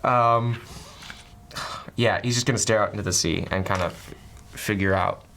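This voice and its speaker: A man's voice: on the low side, fairly even intonation, moderate pace, creaky, fairly bright tone, a little hiss or hum. A man casually playing a tabletop game, talking playfully and laughing often. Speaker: player.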